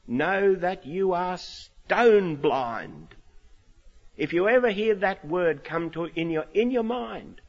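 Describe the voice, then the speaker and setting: A man's voice: high-pitched, lively intonation, takes it slowly. A man with an Australian accent preaching a sermon, retelling a story with dramatic, voiced quotes. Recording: lo-fi reverberant hall recording.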